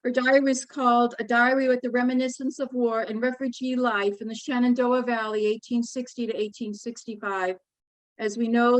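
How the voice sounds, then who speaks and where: Woman, poet and author, book talk, earnest and measured, fairly high voice, dry close sound. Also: dry recording, low-quality recording. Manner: earnest, measured, emotionally moved. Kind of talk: book talk with poetry reading.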